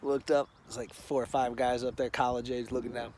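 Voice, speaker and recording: A middle-aged man casually telling a story, animated and acting out other people's lines. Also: mid-range voice, a little fast, a little hiss or hum, poor audio.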